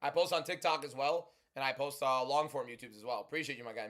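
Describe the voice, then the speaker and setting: A young man hosting a livestream, talking loudly and chatting casually as he reads and answers viewer comments. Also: mid-range voice, fast talker. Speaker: livestream host.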